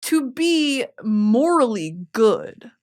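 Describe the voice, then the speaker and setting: A young adult woman hosting a podcast, talking in a casual comedic monologue, profane and ranting, swinging from quiet reflection to shouting. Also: a little high, very animated, very slow. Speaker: podcast host.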